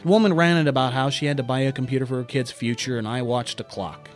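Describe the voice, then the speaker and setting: A man's voice: mid-range voice, fast talker, faint music behind. A man narrating a personal story in a wry, self-deprecating way, now and then putting on voices for the people in it.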